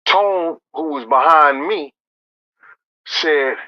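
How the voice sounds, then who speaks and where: A man recounting a story in profane street slang, acting out others' lines and rising to near shouts. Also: medium pitch, moderate pace, long pauses, no echo, highs cut off. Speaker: storyteller in an interview clip.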